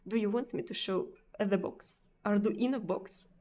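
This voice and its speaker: A woman with a Russian accent, a native Russian speaker, chatting casually with viewers on a live stream. She hesitates often, repeating words and filling pauses. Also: medium pitch, fairly even intonation, mellow, faint music behind. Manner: hesitant, many fillers and repeated words, frequent laughs.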